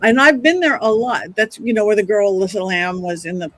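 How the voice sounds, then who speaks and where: A middle-aged woman and psychic medium, telling stories on a podcast in a chatty, animated way, often restarting her sentences. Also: medium pitch, brisk, no room sound. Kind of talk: casual podcast storytelling.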